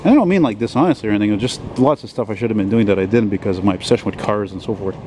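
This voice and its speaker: A man, dropping words now and then. He rambles and swears as he walks along a city street with a handheld camera. His voice is mellow and dark, with faint traffic behind him. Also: lowish voice, racing. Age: 40s. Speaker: vlogger. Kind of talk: rambling walk-and-talk vlog. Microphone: handheld camera while walking.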